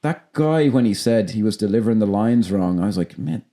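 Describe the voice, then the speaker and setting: A man with a Dublin accent, co-hosting a podcast in casual film chat, animated and sweary, acting out quotes as he goes. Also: on the low side, brisk. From Ireland. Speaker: podcast co-host.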